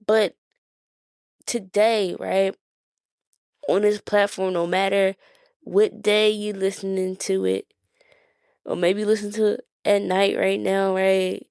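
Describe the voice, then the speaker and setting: A woman's voice: medium pitch, little pitch movement, slow pace, long pauses, darkish tone, smooth, no echo, studio quality. A woman from Philadelphia with a Philly accent, hosting a podcast in a casual, encouraging talk that keeps checking in with her listeners. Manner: conversational, asks "right?" often, laughs easily. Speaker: podcast host.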